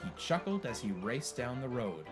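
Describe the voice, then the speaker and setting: Animated man narrating a storybook. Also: mid-range voice, normal speed, music in the background. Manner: expressive, animated.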